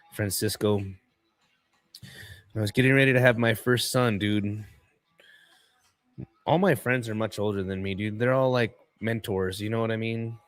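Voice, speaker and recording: Laid-back man saying "dude" a lot. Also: lowish voice. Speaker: livestream trading host. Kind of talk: casual livestream chat.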